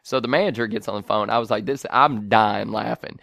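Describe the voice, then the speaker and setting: A man's voice: on the low side, a little fast, gravelly, no echo, clean studio sound. A man telling a story in casual, profane fashion, acting out the voices and laughing often. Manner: animated, profane, acts out voices, laughs a lot.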